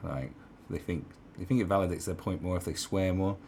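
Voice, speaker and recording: A man's voice: low voice, brisk, vocal fry, a little mellow, a little hiss or hum. A man giving rambling, sarcastic opinion commentary, full of fillers and asides.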